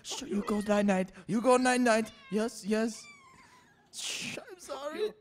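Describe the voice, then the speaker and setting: A man's voice: very high-pitched, sing-song, slow pace, a little hiss or hum, exaggerated voice. A man in a game roleplay doing an exaggerated put-on broken-English voice as a restaurant worker. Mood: hushing.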